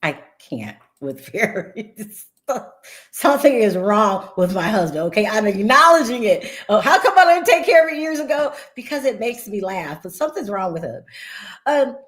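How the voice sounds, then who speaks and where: A woman hosting a podcast, talking in a blunt, animated way and often laughing as she gossips. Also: mid-range voice, moderate pace. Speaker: podcast host. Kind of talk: casual gossip commentary.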